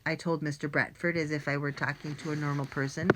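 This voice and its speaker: A woman with a fairly low voice reads a first-person children's adventure aloud. She tells it in a lively, plain and clear way, like a storyteller. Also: quick pace, background noise. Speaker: audiobook narrator. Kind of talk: first-person audiobook narration.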